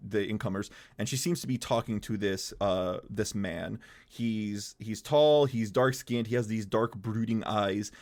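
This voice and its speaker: A man's voice: on the low side, a little mellow. A young man narrating as game master of a tabletop game, playful and laughing often, describing scenes with many fillers.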